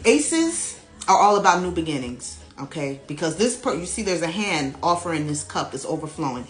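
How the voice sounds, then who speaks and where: A woman reading tarot cards for her viewers in a casual, animated, chatty way, laughing often and speaking straight to them. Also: fairly low pitch, moderate pace. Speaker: tarot reader. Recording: echoey room with faint music behind.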